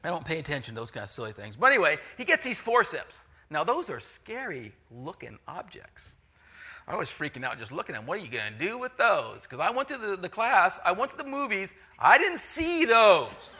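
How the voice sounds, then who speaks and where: Middle-aged pastor guy preaching, bright sharp voice, pitch a bit high, acts out the story bits. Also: a little fast, husky. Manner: animated storytelling with acted-out voices. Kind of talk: sermon.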